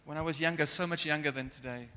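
Guy giving a sermon, bit high and bright voice, earnest, long echo in a big hall. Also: fast talker, a little hiss or hum. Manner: earnest, gets emotional at times. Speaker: preacher.

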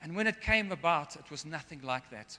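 A man's voice: fairly high pitch, lively intonation, a little fast, pushed and bright. A man preaching a sermon in an earnest way, sometimes getting emotional. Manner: earnest, gets emotional at times. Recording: long hall reverb.

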